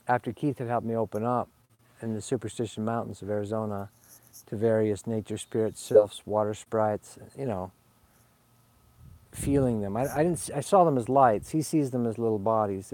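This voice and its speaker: A man's voice: on the low side, moderate pace, mellow, no room sound. A man from Sweden, slightly tipsy, talking in a rambling, confessional way outdoors in a garden, drifting from one story to the next. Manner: meandering, digressive, confessional. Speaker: spiritual vlogger. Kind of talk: rambling casual monologue. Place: outdoors in a garden under a fruit tree.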